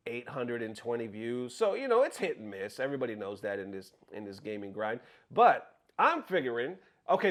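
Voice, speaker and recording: Animated, swearing male vlogger. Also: on the high side. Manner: animated, swears freely, acts out quotes. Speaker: content creator. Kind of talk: casual commentary vlog.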